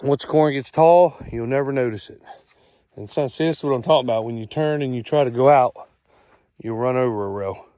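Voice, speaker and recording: A middle-aged farmer with an Eastern Shore accent talks his way through a cornfield, plain-spoken and repetitive, circling back to the same point. His voice sits at an ordinary pitch, recorded outdoors with a dry sound and no room echo. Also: brisk, mellow. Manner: plain-spoken, repeats himself, explains while walking. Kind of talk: casual vlog walkthrough.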